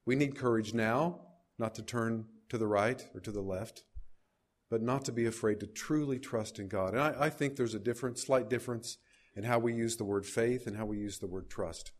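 A man's voice: mid-range voice, moderate pace. A man preaching a sermon, reading scripture aloud and putting questions to his listeners. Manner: reads scripture aloud with rising emphasis, asks the congregation questions.

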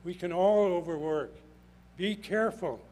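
Older guy preaching, emphatic, says stuff twice, kinda high voice. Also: measured pace, a little mellow, poor audio. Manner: emphatic, repeats phrases for stress. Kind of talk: sermon.

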